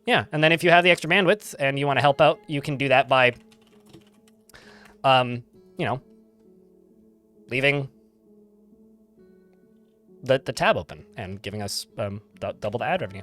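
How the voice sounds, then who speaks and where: A man's voice: mid-range voice, big pitch swings, normal speed, long pauses, bright, forceful tone, faint music behind. A man casually chatting to his live-stream chat while playing a game, rambling and laughing easily.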